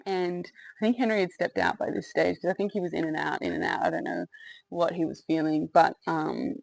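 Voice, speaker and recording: A woman's voice: lowish voice, fairly even intonation, brisk, creaky, no echo, poor audio. A woman telling her own birth story in a candid, rambling way, with lots of fillers, laughter and swearing. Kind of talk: casual personal storytelling to camera.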